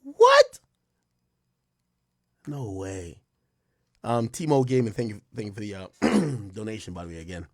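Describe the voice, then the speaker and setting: A man hosting a live stream, reading out donations in loose, profane, casual chat with loud excited bursts. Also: fairly low pitch, normal speed, no echo, clean studio sound.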